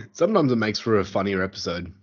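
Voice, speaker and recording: Husky low-voiced man hosting, slow and muffled. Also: big pitch swings. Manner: short reactions, easy laughs. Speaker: podcast host. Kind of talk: casual interview.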